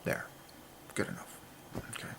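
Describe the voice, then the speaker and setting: A man hosting a religious monologue, excitedly working through letter counts and dropping into whispers to stress a point. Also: unhurried, slight background noise. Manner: excitable, drops into whispers for emphasis. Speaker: channel host.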